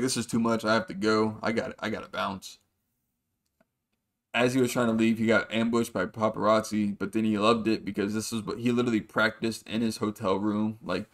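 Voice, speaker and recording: A man hosting a podcast, telling a long story in a rambling, profane way and acting out other people's lines. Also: lowish voice. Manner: rambling, profane, acts out quotes with shifting voices. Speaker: podcast host. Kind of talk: casual storytelling monologue.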